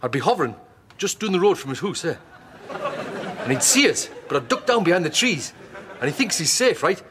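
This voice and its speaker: Guy, high bouncy voice, goes on and on bragging. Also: sing-song, normal speed, crowd noise, noisy background. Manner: rambling, boastful storytelling. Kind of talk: comic skit call.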